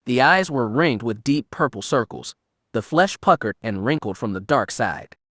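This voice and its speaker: A medium-pitched male narrator reads an audiobook in a steady, deliberate storytelling way. The studio audio is clean, with no room sound.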